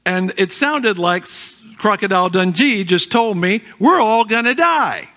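A middle-aged man preaching as a guest pastor, his voice sitting high for a man. He tells a personal story with animated, self-deprecating humor. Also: measured pace.

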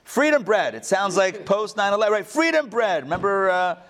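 A man's voice: high-pitched, brisk. A man leading a class through a text, joking with the group and asking them for questions while an online audience follows along. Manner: animated, joking, asks the group many questions. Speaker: teacher leading a text study. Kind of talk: interactive class discussion.

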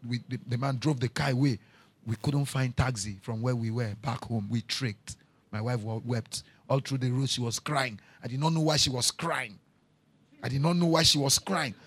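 A man preaching a sermon, repeating his lines, moving from quiet storytelling to shouting. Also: mid-range voice, slightly rough. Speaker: pastor.

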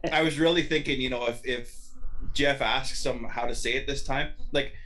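A bright, forward-sounding man tells lively stories on a casual podcast chat. He speaks at a middle pitch and jumps from one thought to the next. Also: moderate pace, faint music behind. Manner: animated storyteller, laughs easily. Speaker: podcast co-host.

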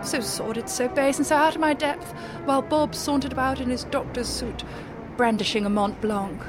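A woman hosting a comic radio show and delivering arch, deadpan monologues. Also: high-pitched, moderate pace, over music. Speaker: radio host.

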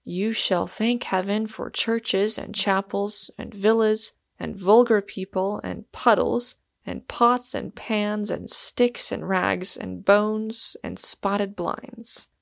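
A woman's voice: mid-range voice, steady tone, slow pace, creaky, few pauses, no echo, clean studio sound. A woman voicing a stern, roguish young man who speaks with severe, mocking authority, in a storybook reading.

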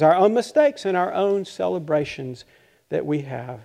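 A man's voice: a little high, vocal fry, darkish tone. Older male pastor, chatty sermon. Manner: conversational, self-deprecating, halting with restarts and chuckles.

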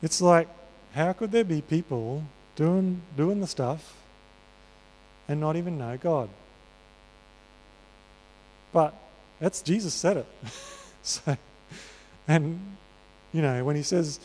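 This preacher's voice is on the high side with a darkish tone, and he speaks slowly with long pauses. He delivers his sermon in an earnest, conversational way, full of fillers, and the church hall echoes around him.

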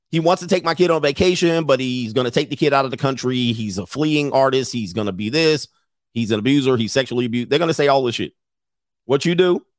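A man's voice: medium pitch, no echo, clean studio sound. A middle-aged man giving blunt, profane advice in a casual talk, often mimicking others in a raised voice. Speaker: podcast host giving advice.

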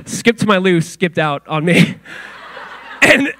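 Male pastor, thirties, high voice, dry close sound, loose slangy sermon delivery. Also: unhurried, no room sound. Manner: casual, excitable storytelling with many "like"s.

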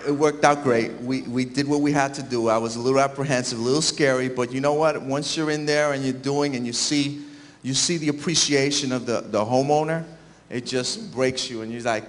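A man giving an earnest, halting testimony in church, stumbling and restarting as he speaks. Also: mid-range voice, steady tone, long reverb tail. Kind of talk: personal testimony.

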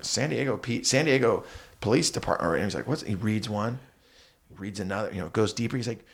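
A middle-aged comedian telling a story in casual chat, acting out the voices of the people in it. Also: male voice, fairly low pitch, brisk, gravelly, breathy edge. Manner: animated storyteller, acts out voices of others. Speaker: comedian guest.

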